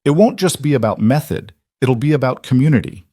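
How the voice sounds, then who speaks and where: Man doing a calm firm schoolteacher lady, higher than his normal voice. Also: a little fast, no room sound, clean studio sound, lightly acted. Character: stubborn, warm frontier schoolteacher woman.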